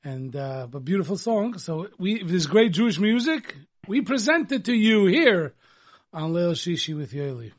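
A man hosting a radio talk show in casual chat, excitable and repeating words for emphasis. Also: high voice, normal speed.

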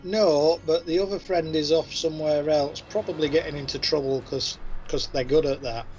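A man player makes wry, low-key remarks. His voice sits a little high for a man. His mic sounds dull and lo-fi. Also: steady tone, normal speed, a little mellow, soft background music. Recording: muffled lo-fi mic.

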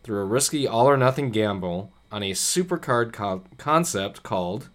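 A man's voice: on the low side, animated, normal speed, a bit bright. A man co-hosting a casual chat, reading history notes aloud and riffing on them with occasional swearing. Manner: casual, swears, reads passages then riffs. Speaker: podcast co-host.

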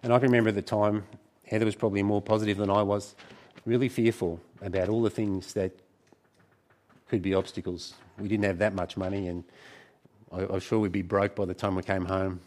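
A middle-aged man preaching a sermon to a church gathering, conversational and warm in tone, with frequent restarts. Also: on the low side, flat delivery, brisk.

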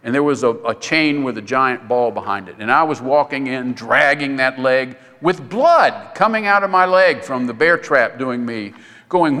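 A man preaching a sermon in a conversational way, jumping his pitch up high when he acts out other voices. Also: expressive, normal speed, sharp tone, big-room sound. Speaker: pastor.

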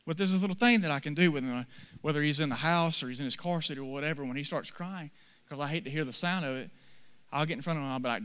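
A man preaching a sermon in a high, bright, forceful voice. He builds his points with short repeated phrases and swings from hushed, low stretches to loud, pressing ones. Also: animated, fast talker, clear, resonant tone. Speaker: pastor.

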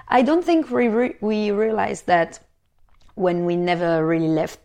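A woman's voice: medium pitch, unhurried. A young French woman with a French accent, a native French speaker, chatting casually as a guest and acting out the reactions of the people she quotes. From France. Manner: animated, acts out quoted reactions. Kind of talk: casual chat.

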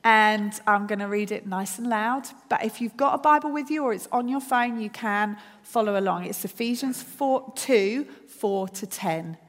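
A woman's voice: medium pitch, normal speed, hardly any pauses, big-room sound. A woman preaching a sermon at a church service. She speaks earnestly and builds her points through repeated phrases.

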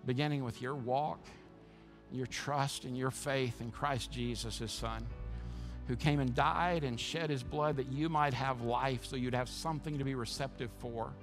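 A man's voice: medium pitch, fairly even intonation, moderate pace, soft background music. A man preaching a sermon as pastor, impassioned and emphatic, often repeating words as he restarts.

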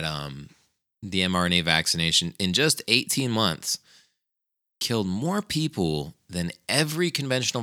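A man's voice: lowish voice, sharp tone. A young man giving a heated, profane casual commentary, peppered with "man" and "dude.".

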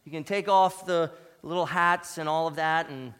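A man with a high voice preaching in a church, his delivery emphatic as it surges loud and then drops to a near hush. The sanctuary gives his words a long, trailing reverb. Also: steady tone, moderate pace, clear, resonant tone. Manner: emphatic preaching with wide swings from loud to hushed. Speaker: pastor. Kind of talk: sermon.

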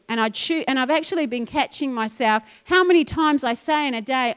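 A woman pastor preaching a sermon, emphatic and animated, dropping into quiet asides. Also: high voice, a little fast, hardly any pauses, clean tone.

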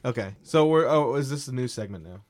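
A man's voice: medium pitch, lively intonation, fairly quick, a little mellow. A man co-hosting a wrestling podcast, joking and steering the talk between topics. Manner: joking, laughs often. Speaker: podcast co-host. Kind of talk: casual wrestling chat.

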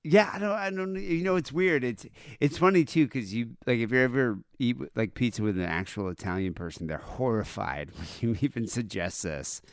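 A man's voice: medium pitch, normal speed, hardly any pauses, smooth, dry recording, clean studio sound. A man from Michigan co-hosting a podcast, telling stories in casual chat with lots of fillers. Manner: rambling, animated storytelling with many fillers. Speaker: podcast co-host.

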